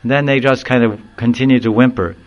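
The audio is dull, but the mid-pitched male spiritual teacher is animated: he expounds scripture, tells stories with acted-out voices and occasional chuckles, and delivers Sanskrit verse slowly before explaining it, all as part of a devotional talk.

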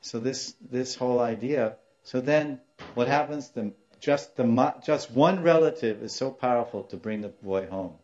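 A man giving a storytelling sermon as a spiritual teacher, animated and acting out voices in his tale, in a dull lo-fi recording. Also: medium pitch, moderate pace. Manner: animated, acts out quoted voices, laughs now and then.

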